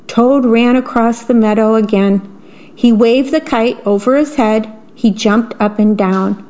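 A woman volunteer radio reader tells a bedtime story with slow, clear delivery. Her voice sits fairly high and she takes her time. The recording has a slightly dull radio tone. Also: warm tone.

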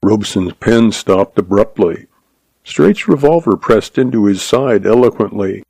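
Male audiobook narrator, low, gravelly, measured delivery, dry close read. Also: expressive, mellow, no echo. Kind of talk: scripted narration of a Western story.

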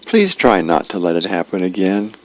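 A man reading a comic strip aloud and voicing a grumpy old husband in a deadpan way. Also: deep voice, normal speed.

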